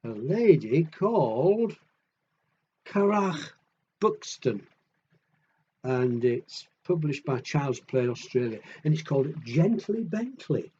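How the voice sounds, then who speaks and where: A man reading picture books aloud to children in a gentle, chatty way, often asking the listener questions. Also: a little high, highs cut off, slight background noise. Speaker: children's storyteller.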